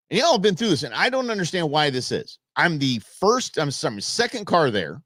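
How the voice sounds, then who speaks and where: A man hosting a live stream, telling a story in a chatty, expressive way. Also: on the high side, dry recording, studio quality. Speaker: livestream show host. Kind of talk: casual livestream chat.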